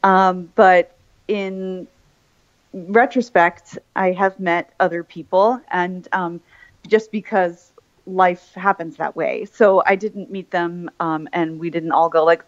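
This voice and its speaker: Her voice is on the low side, with fairly even intonation and a measured pace, heard through slightly muffled lo-fi audio. She's a voice actor chatting casually as an interview guest, wandering through her answers with lots of fillers and restarts.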